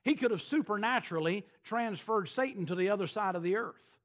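A man preaching a sermon as pastor, emphatic, pausing for effect and quoting scripture. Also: sits high. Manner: emphatic, preaching with dramatic pauses and quoted scripture.

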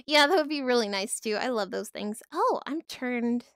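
A woman's voice: fairly high pitch, animated, normal speed, a bit bright, no room sound, clean studio sound. A woman streaming live from her home office, chatting bubbly and giggly while reading and answering her chat.

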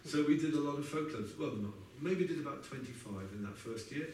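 A man's voice: fairly high pitch, animated, fairly quick, darkish tone, distant mic, slight background noise. Wry older man telling stage stories. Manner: chatty and wry, laughs at his own stories, breaks into sung snatches. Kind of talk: anecdotal storytelling between songs. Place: live music venue. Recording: echoey live venue recorded from afar, guitar in the mix.

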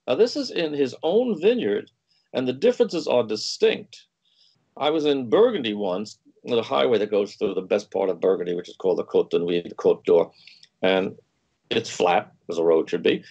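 A man, a food and wine writer, telling anecdotes in a relaxed interview and acting out quoted dialogue. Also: fairly low pitch, moderate pace, creaky, muffled recording. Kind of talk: anecdotal storytelling in conversation.

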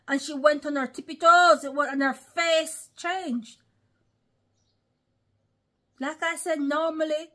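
Woman, higher voice, emphatic, repetitive preaching, vlog commentary. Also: fairly bright tone. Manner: emphatic, repetitive, addresses brothers and sisters. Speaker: online preacher.

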